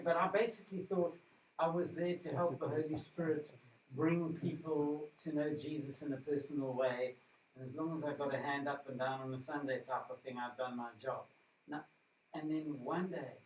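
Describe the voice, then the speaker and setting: A male pastor talks in a relaxed, reflective way, as if sharing a personal story with the congregation. His voice sits a little high and reaches the mic from a distance. The room around him is echoey. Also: slight background noise. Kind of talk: informal church talk. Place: church.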